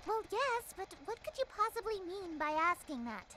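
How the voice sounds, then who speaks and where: A woman's voice: extremely high pitch, sing-song, moderate pace, sharp tone, exaggerated voice. A woman voicing a haughty female eldritch goddess who speaks in formal, old-fashioned phrases. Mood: imperious.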